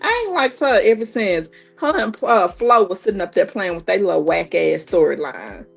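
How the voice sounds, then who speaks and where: A woman in her thirties giving a casual, animated reality TV recap, acting out what the cast said in a higher voice. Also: normal speed, gravelly, soft background music. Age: 30s.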